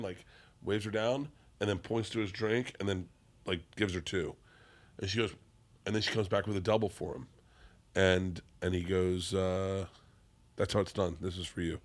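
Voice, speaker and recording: A middle-aged man telling a rowdy, profane story in casual chat, acting out every person he quotes. His voice sits a little low for a man. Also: steady tone, moderate pace. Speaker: guest comedian.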